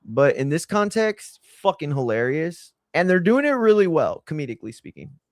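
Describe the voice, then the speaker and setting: A man's voice: on the high side, big pitch swings, moderate pace, no room sound, studio quality. Slangy, profane young man reacting. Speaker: streamer reacting to wrestling. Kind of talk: casual reaction commentary.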